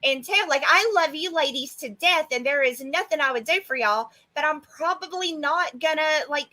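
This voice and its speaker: A woman chats on a podcast in a high, bright voice. She talks bluntly, swears freely and leans on sarcasm. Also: normal speed. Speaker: podcast co-host. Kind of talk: casual chat.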